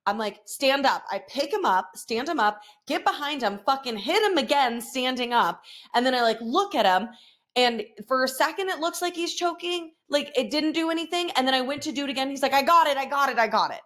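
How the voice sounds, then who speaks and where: Woman podcast host, kinda high voice, swears a ton, dramatic casual storytelling w lots of likes. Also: lively intonation, brisk, a bit bright. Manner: profane, dramatic, filler-heavy storytelling with bursts of laughter. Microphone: podcast microphone.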